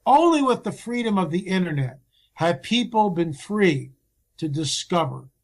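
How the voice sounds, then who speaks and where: A man's voice: sits high, very animated, normal speed. A man speaking as a guest field researcher in a casual conversation, talking in an emphatic, impassioned way.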